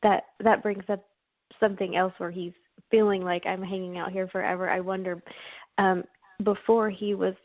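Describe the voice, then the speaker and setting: A woman's voice: medium pitch, flat delivery, moderate pace, no echo. Woman in her 30s calling in, kinda hesitant, tinny phone sound. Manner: hesitant, with restarts and nervous laughs. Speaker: caller. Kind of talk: phone-in conversation. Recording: dry phone line.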